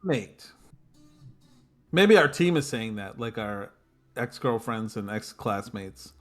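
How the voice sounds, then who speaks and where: Deadpan man in mid pitch. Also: slow pace, faint music behind. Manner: dry, deadpan jokes and narration. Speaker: podcast co-host and story narrator. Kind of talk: casual improvised storytelling chat.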